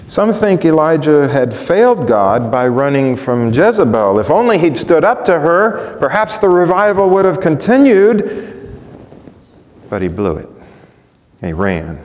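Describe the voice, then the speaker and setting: A man's voice: on the high side, big pitch swings, a little slow. Preacher man in a reverberant hall. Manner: dramatic reading, swelling loud then dropping to a hush. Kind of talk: sermon with scripture reading.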